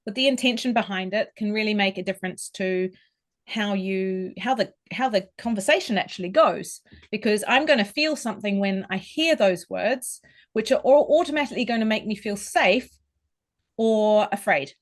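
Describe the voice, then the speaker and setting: A woman's voice: mid-range voice, moderate pace. New woman coaching on voice. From New Zealand. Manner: articulate, instructive, demonstrates vocal tones. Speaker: vocal coach. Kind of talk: podcast interview.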